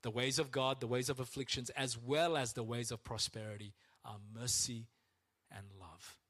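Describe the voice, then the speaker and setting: A man preaching a sermon as pastor, acting out complaints to God in a raised, strained voice. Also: normal speed. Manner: animated, acts out complaints to God in a high strained voice.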